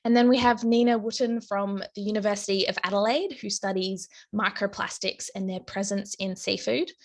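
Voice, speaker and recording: A woman hosting an online event, introducing speakers in a relaxed way with many fillers. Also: mid-range voice, moderate pace. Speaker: event host. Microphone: video call.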